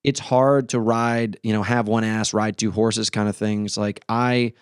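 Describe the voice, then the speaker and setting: A man's voice: fairly low pitch, level tone, a little slow, clean tone, no echo, studio quality. A male podcast host talking casually and earnestly, blunt and swearing now and then.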